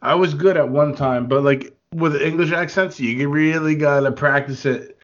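A man's voice: on the high side, normal speed, muffled recording. A man co-hosting a podcast, joking and playful in casual comedy banter, fond of odd words. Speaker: podcast co-host.

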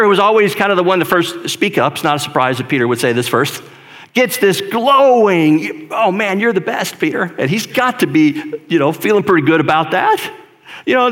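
A man preaching a sermon in a conversational, emphatic way, dropping to a hush and then building to loud stress. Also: a little high. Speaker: pastor.

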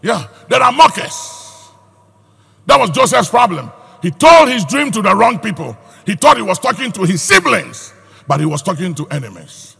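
A pastor preaching a sermon with a raspy voice, rising into shouts and sung phrases. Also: male voice, sits high, big pitch swings, normal speed. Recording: hall reverb with faint music.

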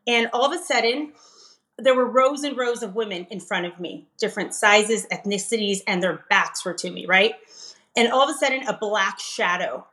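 A middle-aged woman, a podcast guest, telling a personal story in an emphatic, animated way with frequent laughs. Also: mid-range voice, normal speed. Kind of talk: conversational storytelling interview.

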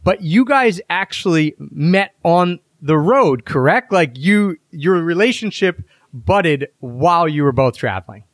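A man's voice: fairly high pitch, expressive, unhurried, few pauses, no room sound, studio quality. A man hosting a podcast in an upbeat, playful and emphatic way. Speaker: podcast host.

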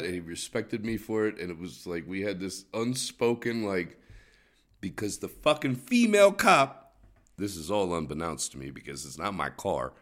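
A man co-hosting a podcast, telling a crude, profanity-laden story in casual chat. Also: deep voice. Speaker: podcast co-host.

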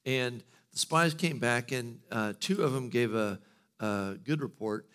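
A middle-aged pastor delivers his sermon casually, with humor and lively storytelling. His voice sits at an ordinary pitch for a man. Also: measured pace.

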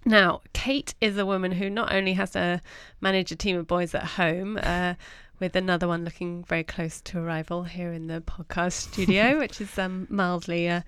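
A woman podcast host who reads a smooth scripted intro and then asks questions with fillers and quick quips, in a podcast studio. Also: fairly low pitch, fairly even intonation, a bit bright, dry recording.

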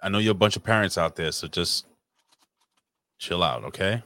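A man's voice: low voice, moderate pace, a bit bright. A man hosting a casual chat over a remote call, blunt, profane and teasing. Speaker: podcast host.

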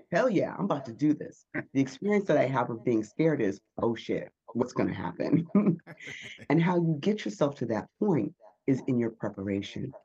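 Man, speaking coach, lively swooping pitch, warm mellow tone, dull lo-fi recording. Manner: animated, acts out quoted inner voices. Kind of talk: interview answers.

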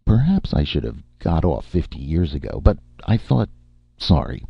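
A man voicing a fussy, apologetic male robot that talks quickly and eagerly in an audiobook reading. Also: sing-song, vocal fry, husky, no room sound, full character voice. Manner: quick, eager, rising pitch. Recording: muffled lo-fi recording.

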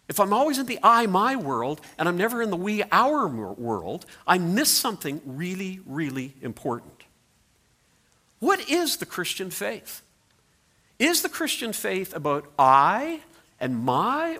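A middle-aged man preaching a sermon, telling stories with playful asides. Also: a little high. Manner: animated storytelling with playful asides. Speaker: pastor.

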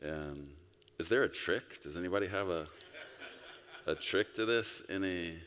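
A male pastor preaching a sermon, emphatic, swinging between loud bursts and soft, quiet stretches. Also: sits low, unhurried. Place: church sanctuary. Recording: long reverb of a large hall.

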